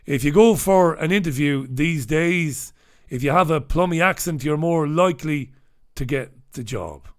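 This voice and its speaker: A man's voice: a little high, normal speed. A man hosting a casual live newspaper review, sardonic and swearing freely as he reads headlines and viewer comments aloud.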